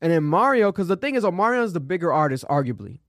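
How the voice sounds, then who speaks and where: A man co-hosting a casual show, swearing freely and mocking performances in animated commentary. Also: high-pitched, fast talker, no room sound, clean studio sound. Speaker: co-host.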